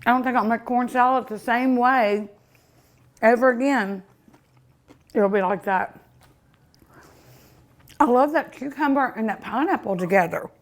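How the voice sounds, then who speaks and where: A woman's voice: on the high side, unhurried, long pauses. A woman hosting a cooking show, tasting her food with many delighted mmms and chatting to her dog and her viewers. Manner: sometimes talks with mouth full. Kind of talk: casual food tasting vlog.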